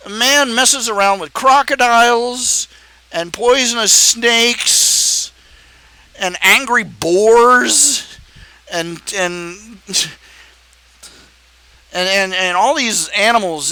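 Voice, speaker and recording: Guy rambling on his live stream, high sharp voice, dry close mic, keeps repeating himself. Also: extremely slow, pauses often, smooth, dry recording, poor audio. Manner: animated, repeats himself, laughs at own jokes. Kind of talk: casual rambling monologue.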